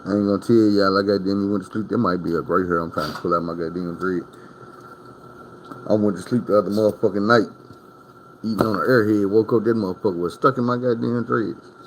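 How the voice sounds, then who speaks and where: A man's voice: on the low side, steady tone, quick pace, a little hiss or hum. Profane, rambling man telling stories. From Arkansas. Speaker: storyteller recounting prison stories. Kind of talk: casual storytime monologue.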